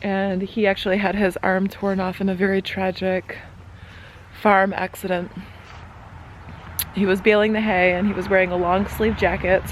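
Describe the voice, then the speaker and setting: A woman's voice: mid-range voice, flat delivery, moderate pace, pauses often, a little hiss or hum, poor audio. A woman in her thirties from Michigan, narrating her vlog in an earnest, reflective way. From Michigan, USA. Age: 30s. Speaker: vlogger.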